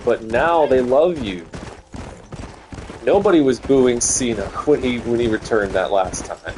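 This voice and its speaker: A man's voice: medium pitch, very animated, a little slow, a little mellow, a little hiss or hum. A man streaming a video game, talking casually in a rambling, chatty, self-mocking way while he plays. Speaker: gaming streamer. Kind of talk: casual chat while playing. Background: game music.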